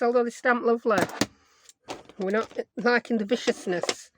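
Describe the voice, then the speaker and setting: A woman's voice: a little high, steady tone, normal speed, background noise. A woman, chatting casually as a craft vlogger at her home desk, rambling with self-mocking asides. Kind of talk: casual chat while crafting.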